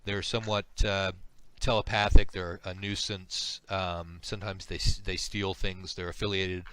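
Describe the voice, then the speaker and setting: A man's voice: low voice, level tone, normal speed, sharp tone, slight background noise. Hesitant man running a tabletop game. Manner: hesitant, many ums and repeated starts. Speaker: game master.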